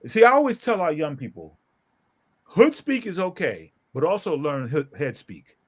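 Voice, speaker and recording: A middle-aged pastor tells a story in a relaxed group conversation, his slightly high voice swinging widely up and down. He talks with animated emphasis and keeps punching his points with a quick "okay?" to his listeners. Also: breathy edge. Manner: animated and emphatic, often tags lines with "okay?". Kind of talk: storytelling in a casual group talk.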